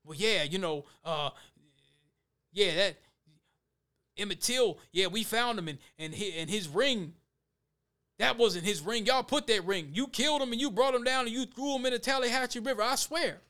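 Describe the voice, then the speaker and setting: A man's voice: high voice, sharp tone, smooth. A man putting on a stammering, evasive Southern sheriff. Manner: halting, mumbled, full of hesitations.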